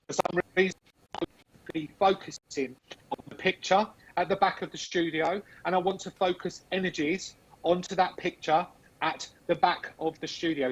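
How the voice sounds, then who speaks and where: A man's voice: a little high, normal speed, slightly rough. A man working as a psychic medium, calling earnestly and repetitively on spirit over a video call. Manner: earnest, repetitive pleading invocations. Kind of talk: live spirit-calling session. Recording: dull lo-fi video call audio.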